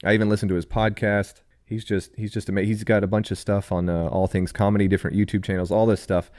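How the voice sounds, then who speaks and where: Man, lowish voice, easygoing co-host, dry recording. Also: little pitch movement, quick pace, darkish tone, no echo. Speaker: podcast co-host. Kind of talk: casual chat.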